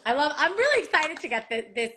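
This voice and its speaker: A woman's voice: high voice, sing-song, quick pace, fairly bright tone, a little hiss or hum. A woman with a New York Long Island accent hosting a casual live-stream chat, gushing and swearing freely, with lots of "like". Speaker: host.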